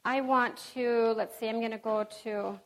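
A middle-aged woman giving an earnest sermon to a women's gathering, reading scripture aloud with pauses and restarts. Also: fairly high pitch, steady tone, poor audio.

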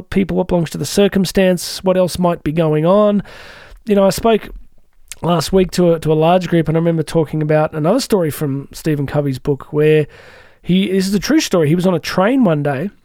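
Male podcast host, dry close sound, warm dark timbre, conversational coach with frequent asides. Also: high-pitched, dry recording. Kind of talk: reflective podcast talk on personal growth.

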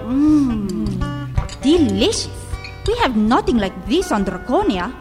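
A woman voicing a timid, naive young female dragon who speaks slow, halting broken English. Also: on the high side, sing-song, in a large hall, over music.

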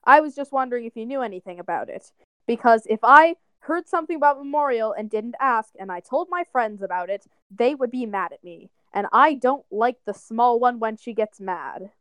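A woman's voice: on the high side, animated, brisk, fairly bright tone, clean tone, no echo. A woman playing a tabletop game, chatting casually and in character in a bubbly way. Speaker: player.

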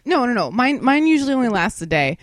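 A woman's voice: a little high, sing-song, fast, no room sound, studio quality. A young woman co-hosting a podcast, a bit tipsy, rambling and swearing freely with lots of laughs. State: tipsy from wine. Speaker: podcast co-host. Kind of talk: casual chat.

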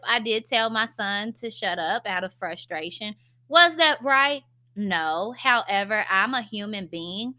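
This young stay-at-home mom's voice is a little high, pushed and bright. In a casual vlog she opens up to her followers about parenting, with frequent fillers and self-mocking laughter.

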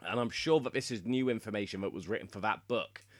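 A man's voice: lowish voice, quick pace, no room sound, clean studio sound. A man co-hosting a podcast, explaining lore in casual chat and laughing often. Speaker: podcast co-host.

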